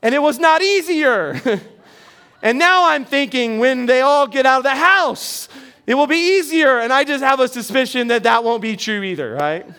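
A man's voice: very high-pitched, lively intonation, moderate pace, pushed and bright, clean tone. A middle-aged man preaching a sermon as pastor, earnest and emphatic, with rising bursts of emphasis.

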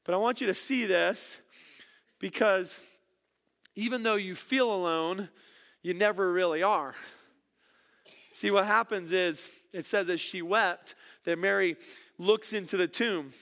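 A man's voice: sits high, unhurried, pauses often, fairly bright tone. A middle-aged man preaching a sermon, earnest and repeating words for emphasis. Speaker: pastor.

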